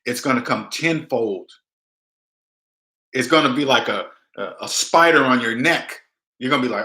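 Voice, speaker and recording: Bright, emphatic man in an echoey room. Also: mid-range voice, moderate pace, long pauses. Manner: emphatic, preachy, acts out quoted people. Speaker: personal finance vlogger. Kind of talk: casual livestream talk to viewers.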